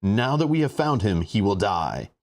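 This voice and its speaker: A man's voice: lowish voice, very animated, moderate pace, darkish tone. Man reading as a menacing robed sorcerer. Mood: threatening. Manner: amused, threatening.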